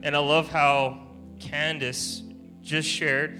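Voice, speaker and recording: Speaking slowly with a flat delivery, a man with a voice on the high side gives a testimony-style church sermon, though he tells his stories in a chatty way and laughs often. Soft guitar music plays underneath.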